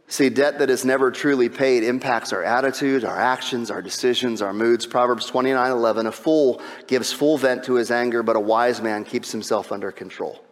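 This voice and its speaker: Impassioned pastor preaching in a hall. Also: male voice, medium pitch. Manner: builds to impassioned, shouting peaks when retelling the parable; repeats phrases and restarts for emphasis. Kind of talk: sermon.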